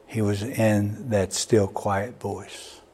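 Male pastor, sermon delivery, slow pace, storyteller with sudden lifts in pitch. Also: little pitch movement, warm tone, breathy edge. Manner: storytelling preacher, repeats words, sudden rises in pitch.

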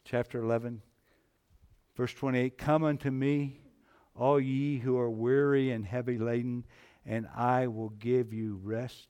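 A man preaching a sermon, moving between hushed, low passages and loud, emphatic climbs. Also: fairly even intonation, a little slow, clean tone. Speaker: pastor.

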